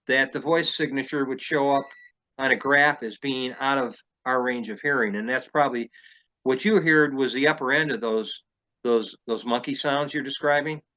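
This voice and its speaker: Bright-voiced man explaining at length. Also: mid-range voice, moderate pace, muffled recording. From Illinois. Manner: explains at length, thinking aloud. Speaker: podcast host. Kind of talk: conversational interview.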